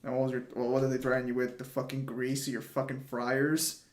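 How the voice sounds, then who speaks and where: A man's voice: mid-range voice, monotone, fairly quick, a crowd in the background. A young man in his twenties chatting casually on a stream, joking, swearing and laughing often. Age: 20s. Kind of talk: casual chat.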